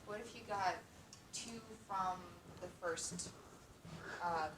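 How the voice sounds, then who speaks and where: A woman's voice: lowish voice, slow, fairly bright tone, slightly rough. A woman student asking hesitant questions in class. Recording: distant voice off-mic.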